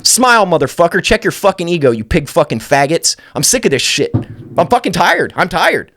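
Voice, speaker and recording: A man's voice: sits high, very animated, fairly quick, fairly bright tone. A man hosting an uncensored podcast, ranting angrily and swearing constantly. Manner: angry, profane ranting. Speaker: podcast host.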